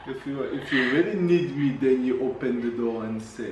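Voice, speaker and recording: Teasing laughing man, off-mic in an echoey room. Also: medium pitch. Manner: teasing, laughing, halting repetitions. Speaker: husband in family vlog. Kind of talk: casual conversation. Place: home. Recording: echoey room, distant mic, background noise.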